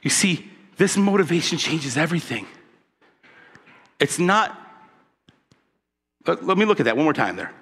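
Male pastor, high and bright, emphatic sermon delivery with congregation call-outs, long hall reverb. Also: big pitch swings, moderate pace, long pauses, husky. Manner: impassioned, emphatic preaching with call-and-response.

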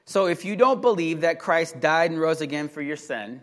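A pastor preaching a sermon with emphatic delivery that rises to loud, urgent exhortation. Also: male voice, a little high, expressive, moderate pace, big-room sound.

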